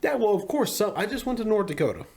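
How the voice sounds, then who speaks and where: A man's voice: high voice, very animated, quick pace, vocal fry, darkish tone. A man co-hosting a casual podcast, joking crudely and laughing often. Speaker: podcast co-host. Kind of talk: casual chat.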